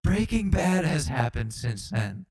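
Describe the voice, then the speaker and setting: Role: podcast co-host. Style: casual comedic chat. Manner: crude, joking, swears freely. Pitch: mid. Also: big pitch swings, a little slow, a little mellow, slightly rough.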